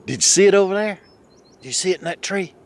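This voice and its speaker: A man chatting casually on an outdoor vlog, hushing and coaxing while he walks and sits to listen for birds. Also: sits high, fast talker, very noisy. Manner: hushed, coaxing, folksy. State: a bit out of breath. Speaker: vlogger. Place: outdoors in woods.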